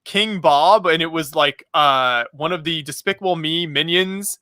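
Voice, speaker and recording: A man's voice: a little high, measured pace, sharp tone, smooth, no room sound, studio quality. A man hosting a casual live stream chat, rambling with lots of fillers and frequent laughter over a remote call mic. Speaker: podcast host.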